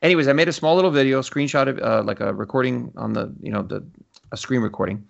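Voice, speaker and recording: A man's voice: medium pitch, quick pace, vocal fry, lo-fi sound. A man hosting a casual podcast, swearing freely and acting out the conversations he retells. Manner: swears freely, acts out quoted exchanges. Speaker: podcast host.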